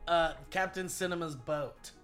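A man's voice: fairly high pitch, measured pace, fairly bright tone, faint music behind. A male comedian co-hosting a podcast in laid-back, swearing, casual chat.

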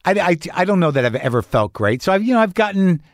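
A man's voice: high voice, big pitch swings, dry recording. Rambling middle-aged man hosting a podcast. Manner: rambling, wry, with halting restarts. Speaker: podcast host. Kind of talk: casual monologue.

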